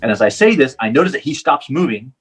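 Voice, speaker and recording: A man's voice: mid-range voice, quick pace, breathy edge, faint music behind. A middle-aged man from Puerto Rico who is a professional driver, telling a personal story in an interview and acting out the dialogue. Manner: animated storyteller, acts out quoted dialogue.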